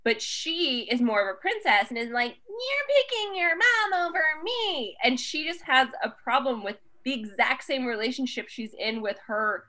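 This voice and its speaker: A woman hosting a podcast, reading listener questions aloud and giving her opinions in an animated way, laughing often. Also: fairly high pitch, moderate pace, hardly any pauses. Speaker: podcast host.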